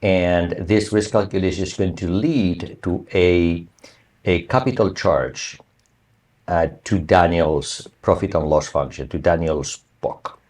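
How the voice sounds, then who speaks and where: A man's voice: low voice, takes it slowly, darkish tone. A male university lecturer explaining material in a conversational way, often checking with the class whether they follow. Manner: conversational, asks the class for confirmation. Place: online or recorded lecture.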